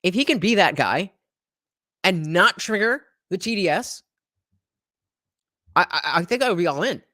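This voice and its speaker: A man's voice: sits high, animated, normal speed, pushed and bright, dry recording, studio quality. A man hosting a reaction show, giving casual, rambling commentary with many restarts and fillers.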